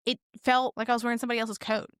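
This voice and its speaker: A woman's voice: on the high side, level tone, very fast, a bit bright, clear, resonant tone, dry recording, studio quality. A woman co-hosting a casual podcast, telling stories with lots of swearing and acted-out quotes. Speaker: podcast co-host.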